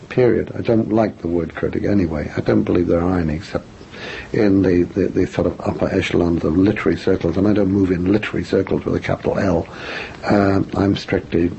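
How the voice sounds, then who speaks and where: An older man from England talks through his past in an unhurried, self-mocking way, often stopping to restart a thought. His voice is low, warm and gravelly. The recording is dull and lo-fi, with a faint hiss behind him. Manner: reflective, self-deprecating, frequent restarts. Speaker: author and guest. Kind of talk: interview answers.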